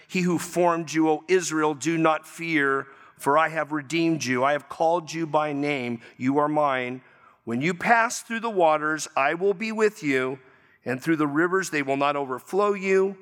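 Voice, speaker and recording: A man preaching a sermon as pastor, reading scripture slowly and then speeding up with lively emphasis. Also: on the high side. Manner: varied pace, lively emphasis, slows for scripture. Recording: long reverb of a large hall.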